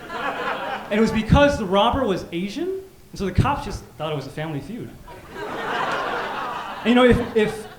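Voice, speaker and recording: A male comedian working a club crowd with a lively, punchy delivery. His voice sits high and leaps around a lot. The sound is roomy, with clear background noise from the club. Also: measured pace, pauses often. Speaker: stand-up comedian. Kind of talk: stand-up comedy set. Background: audience laughter and club ambience.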